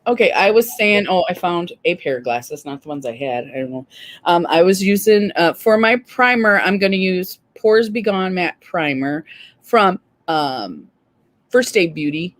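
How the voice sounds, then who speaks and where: A woman's voice: lowish voice, expressive, moderate pace, no room sound. A fifty-year-old woman chatting casually and rambling as she does her makeup on camera. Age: 50s. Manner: rambling, chatty, laughs often. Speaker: makeup vlogger. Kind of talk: casual chat while doing makeup.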